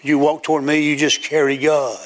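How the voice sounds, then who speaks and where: A man's voice: fairly high pitch, flat delivery, moderate pace. An older man preaching a sermon in a church, building to emphatic, declaiming runs. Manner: emphatic, rising to loud preaching cadence. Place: church sanctuary with platform.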